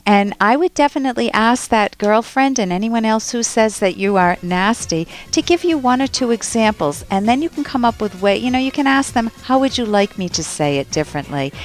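A woman's voice: medium pitch, animated, a little fast. A woman hosting a call-in advice show, coaching a caller directly and acting out examples. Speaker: radio advice show host.

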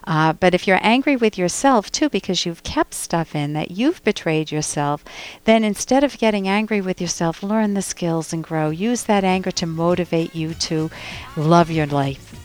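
A woman's voice: lowish voice, moderate pace. A woman hosting a radio call-in show as a clinical psychologist, giving direct, emphatic advice with pointed rhetorical questions, on a close studio mic.

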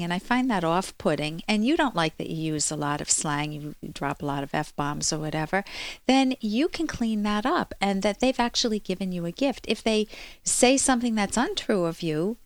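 A woman hosts a radio advice show as a clinical psychologist, explaining ideas to her listeners in an earnest, lecturing manner. Her voice sits at an ordinary middle pitch for a woman. The sound is close and dry, with no room echo.

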